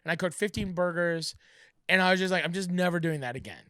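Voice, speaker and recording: A man's voice: high-pitched, fast talker, sharp tone, smooth, dry recording, clean studio sound. A man co-hosting a podcast, chatting casually and rambling through stories with frequent laughs. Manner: rambling storyteller who laughs between lines. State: broken leg. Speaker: podcast co-host. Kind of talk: casual chat.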